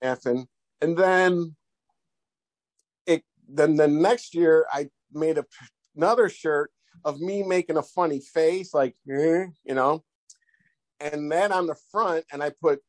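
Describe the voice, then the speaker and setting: A man guest on a podcast, telling goofy stories in a rambling, animated way with many restarts. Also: fairly high pitch, takes it slowly, pauses often. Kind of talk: casual storytelling.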